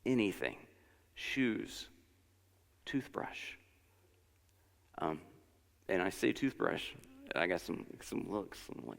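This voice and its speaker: A man delivers a relaxed, conversational church lesson with a low, gravelly voice. He talks informally, drifting into personal stories and encouraging asides. A long reverb from the sanctuary hangs behind his words. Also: slow pace, long pauses. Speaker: lesson speaker at a church service. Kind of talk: conversational sermon.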